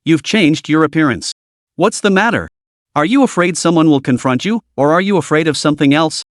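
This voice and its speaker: A man's voice: fairly high pitch, lively intonation, fairly quick, no echo, studio quality, natural voice. A man reading the lines of a bossy young woman who hurries and teases her friend.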